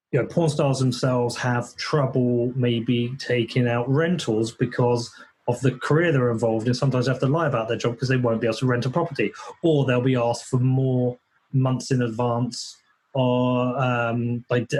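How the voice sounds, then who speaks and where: A man's voice: mid-range voice, a little mellow, breathy edge. An English man, a podcast guest, talking bluntly in casual chat, swearing and restarting his sentences often. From England.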